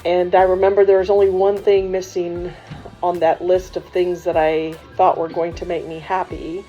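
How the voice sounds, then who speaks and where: A woman's voice: on the low side, normal speed. A woman who was once a coach, now a religious sister, telling a humorous story to students. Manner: lively, humorous, laughs while telling, voices others in dialogue. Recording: dull muffled sound with faint music.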